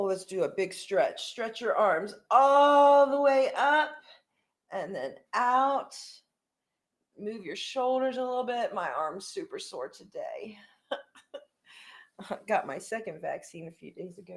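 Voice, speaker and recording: A woman music teacher leading an online singing lesson from home, cheerfully coaxing her students through warm-ups at a desk microphone. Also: medium pitch, sing-song, unhurried, creaky. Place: home room with ukuleles.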